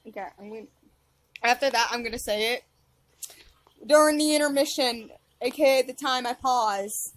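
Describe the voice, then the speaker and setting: A woman giving live gameplay commentary, excitable, often squealing and laughing. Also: on the high side, moderate pace, pauses often. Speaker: gaming channel host.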